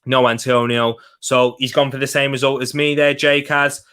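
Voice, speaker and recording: A man's voice: mid-range voice, little pitch movement, normal speed, sharp tone, smooth. A young man casually hosting a football live stream, reading viewer comments and urging them to like the video. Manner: chatty, hypes viewers for likes. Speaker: football livestream host.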